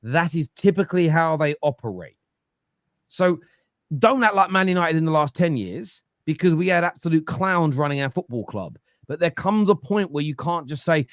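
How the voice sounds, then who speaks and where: A man's voice: a little high, animated, normal speed, dry recording, studio quality. Emphatic, lecturing male football pundit. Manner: emphatic, lecturing, repeats words. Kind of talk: animated football opinion talk.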